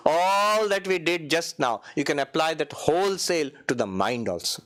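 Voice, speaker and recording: Animated monk teaching. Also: male voice, normal speed, few pauses. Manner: animated, swings pitch high and low, chuckles, chants Sanskrit verses. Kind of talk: spiritual retreat talk. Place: meditation hall.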